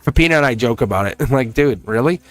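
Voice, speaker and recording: A man talks casually to his members during a live tarot stream, laughing often and acting out little exchanges as he goes. His pitch sits at an ordinary middle level for a man. Soft music plays faintly underneath. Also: rapid-fire, no echo. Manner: chatty and animated, laughs often, acts out quoted exchanges. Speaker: tarot reader and channel host. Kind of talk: casual livestream chat to members.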